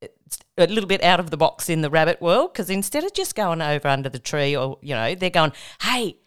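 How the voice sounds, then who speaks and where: A woman hosting a casual chat, playful and quick to riff on the story. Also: low voice, lively intonation, clean tone.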